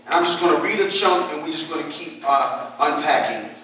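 A man's voice: fairly high pitch, expressive, fairly quick, bright, forceful tone, a little hiss or hum. A man preaching a sermon to his congregation, talking conversationally with humorous asides. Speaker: pastor. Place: church sanctuary. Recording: echoey church hall from a distance.

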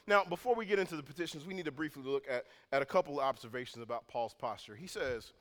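A man preaching a sermon as pastor, moving from calm teaching to loud, intense passages. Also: medium pitch, fast talker, few pauses. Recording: long hall reverb.

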